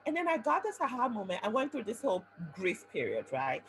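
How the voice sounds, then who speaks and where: A woman physician giving a webinar talk, telling her own story in an animated way and often checking in with "right?". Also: fairly high pitch, fairly quick, rough recording.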